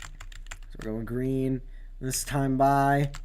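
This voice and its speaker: Male streamer calling his own sim race, casual and rambling, mid-pitched, faint background hiss. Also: very slow. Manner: rambling, many fillers, sudden excited outbursts.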